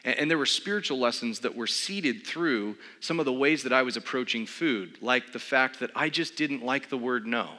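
A man preaches to his congregation, spinning a self-deprecating story with easy comic timing. His voice is bright and forward, and it rings out with a long hall reverb, as in a large sanctuary. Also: mid-range voice, expressive, normal speed, few pauses. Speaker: pastor. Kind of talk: humorous storytelling sermon.

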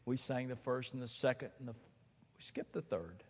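A man preaching a sermon from a platform, swinging dramatically from hushed tones to shouting and hammering points home with emphatic repetition. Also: mid-range voice, normal speed, slightly rough. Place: large hall, speaking from a platform. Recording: long hall reverb.

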